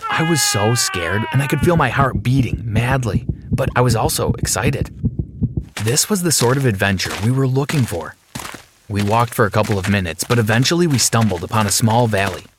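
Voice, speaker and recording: A man narrating a dramatic first-person adventure story from a script. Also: mid-range voice.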